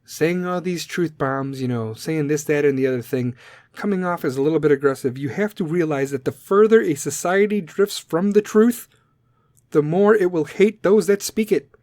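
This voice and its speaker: A man hosting a segment, ranting bluntly and aggressively at listeners and swearing constantly, his volume swinging between loud and soft. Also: on the high side, normal speed, dry recording. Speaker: podcast segment host. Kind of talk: profane rant to listeners.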